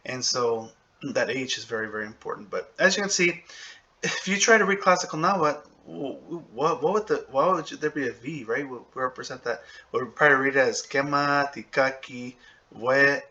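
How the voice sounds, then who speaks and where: A man teaching a casual video lesson on a language, thinking aloud with fillers and checking in with "okay?" and "right?", and slowly sounding out example words. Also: medium pitch, sharp tone, highs cut off.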